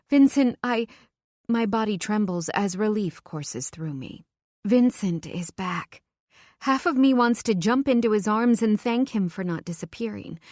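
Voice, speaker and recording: A woman narrating a romance audiobook in the first person, with expressive, intimate storytelling. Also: medium pitch, dry recording, studio quality.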